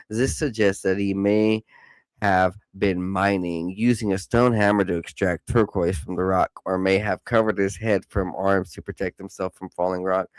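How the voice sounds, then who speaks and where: Reading news stories on his podcast, a man stumbles over tough words, cracks casual jokes, and admits he is high. The recording is dry.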